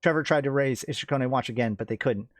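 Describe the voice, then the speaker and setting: Brief: male narrator, mid-pitched, steady read of space fiction, dry close sound. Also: fast, no echo. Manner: steady reading with occasional self-corrections. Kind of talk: reading sci-fi fiction aloud.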